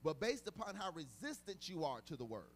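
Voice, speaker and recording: A man preaching a sermon as pastor, emphatic and colloquial, repeating words and swinging from quiet stretches to shouts. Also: a little high, big pitch swings, a little fast, a little hiss or hum. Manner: casual, colloquial speech.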